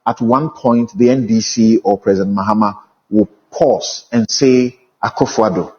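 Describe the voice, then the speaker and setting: A Ghanaian man on a TV panel with a dark, mellow voice, pushing his argument and tripping over the first words of his sentences. The audio sounds somewhat muffled. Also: lowish voice, unhurried. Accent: Ghanaian English. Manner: presses his point, stumbles over the start of sentences. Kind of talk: political panel debate.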